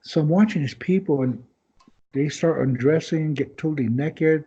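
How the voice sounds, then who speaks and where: A man's voice: a little high, moderate pace, warm tone, slightly rough. A man guesting on a podcast who tells rambling anecdotes in casual storytelling style, acting out other people's lines as he goes. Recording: dull lo-fi podcast audio.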